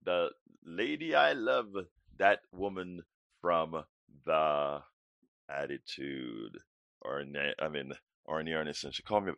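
A man's voice: extremely low pitch, slow, gravelly, fairly bright tone, no room sound. A man hosting a political talk show, speaking energetically and repeating words as he starts his sentences.

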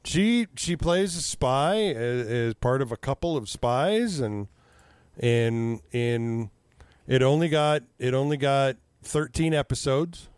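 A man telling stories in easy chat, cursing freely and jumping into the voices of people he quotes. His pitch sits in the middle of a man's range. The sound is dry and close, with no room echo. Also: takes it slowly, smooth. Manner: animated storyteller, swears freely, acts out quotes. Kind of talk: casual chat.

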